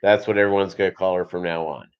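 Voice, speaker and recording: A man's voice: low-pitched, steady tone, quick pace, smooth, dull audio. A man hosting a casual livestream chat, rambling and jokey, with lots of fillers. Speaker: show host.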